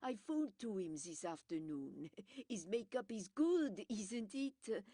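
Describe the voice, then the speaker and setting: A woman puts on a smug older gentleman detective, brisk and lecturing, pleased with his own cleverness. The delivery is slow and deliberate, with a lively lilt, and the sound is dry and close. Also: mid-range voice, dry recording. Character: fussy, self-assured older male detective.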